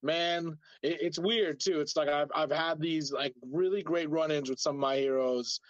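A man's voice: on the high side, steady tone, moderate pace, dry recording, muffled recording. A man hosting a casual conversation, telling a story in a rambling way with lots of filler words.

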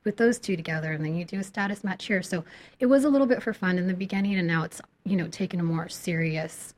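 Slightly raspy low-voiced woman guest. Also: fast talker. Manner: relaxed, explanatory, many fillers. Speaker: credit consultant guest. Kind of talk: casual interview chat.

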